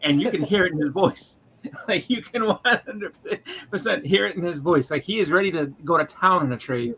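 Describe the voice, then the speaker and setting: A man holds forth in casual chat, animated and profane, slipping into impressions. His voice sits a little high and rings bright and forceful. Faint noise hums behind him. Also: a little fast, poor audio. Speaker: podcast co-host.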